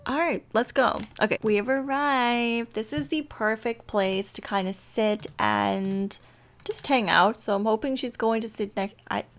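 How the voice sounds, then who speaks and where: A woman's voice: on the high side, a little slow. A woman telling a story as she plays a life-sim game, chatty and giggly, often breaking off mid-sentence. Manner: chatty, giggly, self-interrupting. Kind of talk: casual gameplay storytelling.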